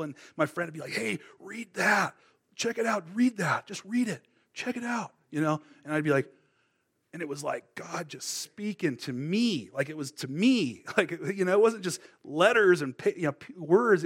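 A middle-aged man preaching, telling his testimony in a casual, rambling way full of fillers and restarts. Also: high-pitched. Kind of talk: sermon with personal testimony.

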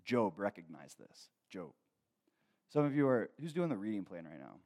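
A pastor with a fairly low, sing-song male voice delivers a conversational sermon, regularly checking in with "okay?". He grows loud and slow when reading scripture and quiets down for asides.

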